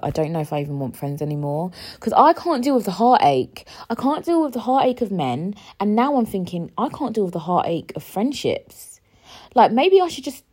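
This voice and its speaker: Lively, rambling woman. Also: low-pitched, breathy edge. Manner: rambling, emotional, swearing, rising to near-shouting. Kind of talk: casual solo monologue.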